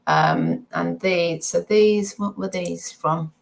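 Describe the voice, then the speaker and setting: A woman's voice: on the low side, wildly swooping pitch, slow, creaky, rough recording. A woman vlogger chatting casually and rambling about her resale items, with giggly asides. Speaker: eBay reseller vlogger. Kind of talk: casual chat to viewers.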